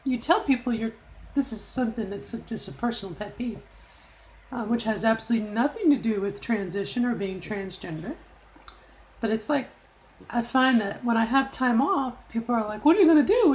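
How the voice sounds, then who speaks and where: A woman's voice: a little high, rough recording. A middle-aged woman recording a casual video diary, talking candidly with many fillers and asides. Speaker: vlogger.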